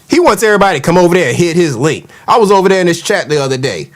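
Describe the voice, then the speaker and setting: A man's voice: sits high, very animated, fast talker. A man hosting a casual livestream, ranting in a mocking, profane, heated way and reacting to the live chat. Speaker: show host.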